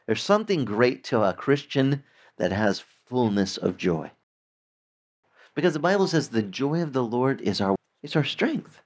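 A man preaching a sermon in a lively, conversational way, acting out little quotes as he goes. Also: mid-range voice, unhurried. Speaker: pastor.

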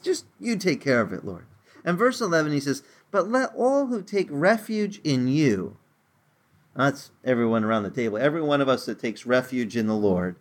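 A man teaching the Bible informally around a table, animated and conversational, with restarts and asides. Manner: animated, lively pitch swings, acts out voices in quotes. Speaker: preacher teaching a home Bible study.

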